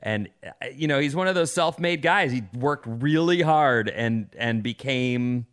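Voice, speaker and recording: A man's voice: mid-range voice, measured pace. A middle-aged man co-hosting a casual podcast chat, telling stories with lots of restarts and asides. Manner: rambling, animated storyteller with many restarts. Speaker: podcast co-host.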